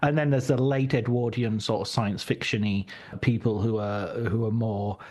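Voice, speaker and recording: A man's voice: fairly low pitch, steady tone, moderate pace, a little mellow. A man from Cumbria hosting a podcast interview, chatty and self-deprecating. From Barrow-in-Furness, Cumbria, England. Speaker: podcast host. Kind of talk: conversational interview.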